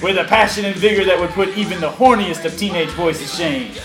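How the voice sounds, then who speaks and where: A man's voice: high voice, fairly quick, echoey room, music in the background. A young man narrating his own story in a comic audio drama, sardonic and crude, often chuckling. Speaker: narrator and lead actor.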